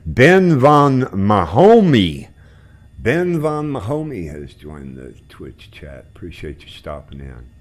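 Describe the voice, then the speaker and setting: A man with an extremely deep voice hosts a casual live stream. He chats loosely while reading out chat messages and juggling several tasks at once. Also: huge pitch swings, a little slow, hardly any pauses, a little mellow. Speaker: stream host flying a helicopter simulator.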